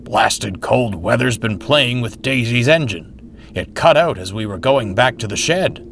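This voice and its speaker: A man's voice: mid-range voice, lively intonation, a little slow, vocal fry, background noise. A man voicing a prim female railcar with a flouncing, huffy manner.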